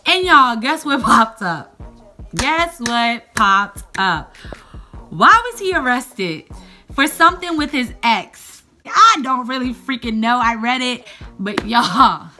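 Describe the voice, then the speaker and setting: A young woman telling a lively storytime vlog, calling out to her viewers as y'all. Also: high voice, a little slow, soft background music. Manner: animated, addresses viewers as y'all. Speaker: vlogger.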